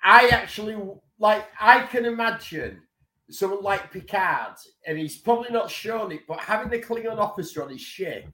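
High-voiced man in a roomy echo. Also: lively intonation, normal speed, sharp tone. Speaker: podcast co-host. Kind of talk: casual chat.

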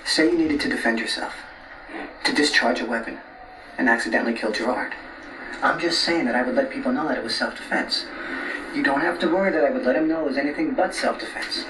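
An actor playing a loyal, streetwise male police detective in a TV drama, speaking in a low, coaxing, conspiratorial way. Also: quick pace, sharp tone, natural voice. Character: streetwise male cop, loyal to his partner. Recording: echoey, noisy TV audio from a distance.

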